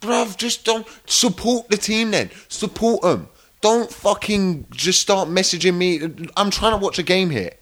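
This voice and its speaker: A man's voice: sits high, a little slow, a bit bright. An English man co-hosting a podcast, blunt and sweary, teasing his friend in casual chat. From England.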